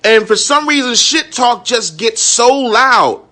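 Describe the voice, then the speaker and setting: A man's voice: extremely high pitch, lively intonation, slow pace, bright, forceful tone. A man in his thirties, a minister and entrepreneur, speaking candidly and emotionally in a live-stream monologue, swearing freely and often checking in with his listeners. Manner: raw, frank and emotional, with profanity and many "you know what I'm saying".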